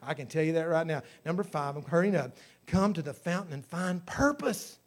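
High-voiced man preaching a sermon. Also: lively intonation, fairly quick. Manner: emphatic, with surges in volume on key phrases; storytelling preacher.

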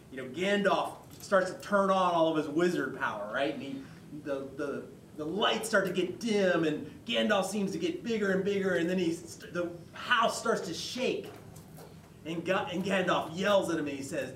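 A male pastor giving a conversational sermon, retelling a story with lively quoted voices. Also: on the high side, normal speed, a little hiss or hum. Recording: echoey hall, mic far off.

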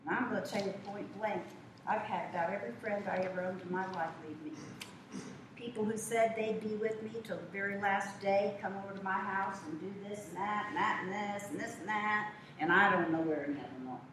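A woman's voice: mid-range voice, brisk. Older woman preacher, conversational sermon style; distant mic with audible room noise. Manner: conversational storytelling, folksy asides. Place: church sanctuary. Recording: echoey church from far off.

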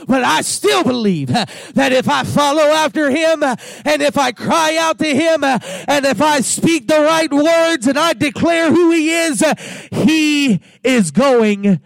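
A man preaching a sermon in a very high, gravelly voice. He keeps an unhurried pace, swells into shouted bursts and drops "uh" between his phrases. The sound is dry and close. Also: dry recording. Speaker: pastor.

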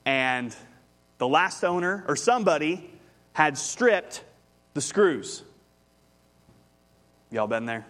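A man's voice: a little high, big pitch swings, takes it slowly, pauses often, fairly bright tone. A man, preaching a conversational sermon as pastor, telling a story and rising with animation.

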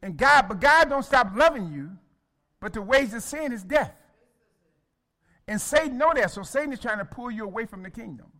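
A man's voice: very high voice, expressive, normal speed, bright, forceful tone. A male pastor preaching a sermon in a folksy, colloquial way, calling on the congregation to respond and addressing listeners by name.

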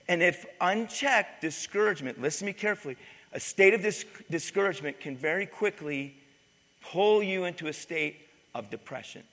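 Pastor preaching in a bright, echoing hall. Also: male voice, high voice. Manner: preaching with sweeping swings from loud to hushed. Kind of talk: sermon. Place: church sanctuary. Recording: reverberant church hall.

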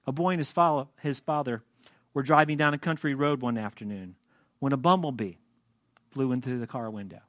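A man preaching a sermon, shifting between loud emphatic lines and quiet asides. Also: medium pitch, fairly quick, dry recording, clean studio sound. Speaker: pastor.

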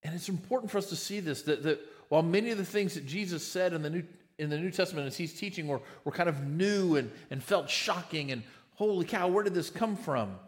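A man's voice: a little high, brisk. A man preaching a sermon with emphasis, often repeating words as he starts a phrase. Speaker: pastor.

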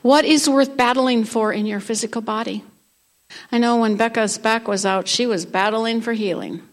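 A high-pitched woman preaching to her church, reading scripture and rising into bold declarations. Her delivery moves between quiet teaching and loud proclamation. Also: fairly even intonation, normal speed. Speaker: pastor. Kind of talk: sermon. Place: church sanctuary.

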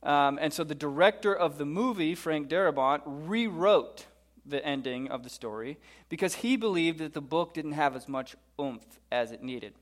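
Man, preacher, sermon, animated storyteller, a bit high-pitched. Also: normal speed. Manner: storytelling, animated, acts out quotes. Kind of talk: sermon retelling a movie plot.

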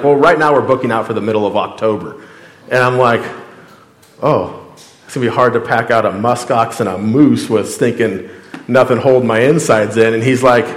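A man's voice: mid-range voice, roomy sound, in a large hall. A man, a pastor, giving a casual storytelling sermon, chatty and full of acted-out dialogue. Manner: conversational, acts out quoted dialogue, frequent "like".

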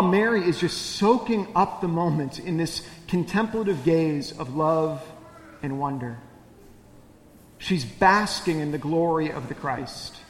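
A man's voice: a little high, a bit bright, a little hiss or hum. Conversational male pastor in an echoey hall. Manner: conversational, asks the congregation questions. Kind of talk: sermon.

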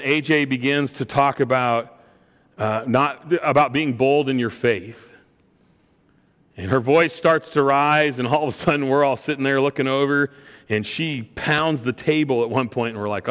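A man's voice: mid-range voice, fairly even intonation, normal speed, a bit bright. A middle-aged man preaching a sermon and telling a personal story in an earnest way, often repeating words as he starts a phrase. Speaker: pastor. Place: church sanctuary. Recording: long hall reverb.

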